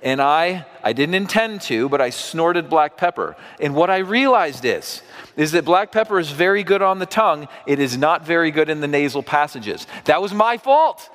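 A man's voice: a little high, expressive, moderate pace, fairly bright tone. Man preaching in a reverberant church. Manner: conversational, with asides to the congregation. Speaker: pastor. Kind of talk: sermon.

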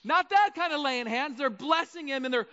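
A man preaching a sermon in a relaxed, conversational way, often checking in with the congregation, in an echoey church hall with dull lo-fi sound. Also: extremely high pitch, moderate pace, slight background noise. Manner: conversational, rambling, asks the crowd questions.

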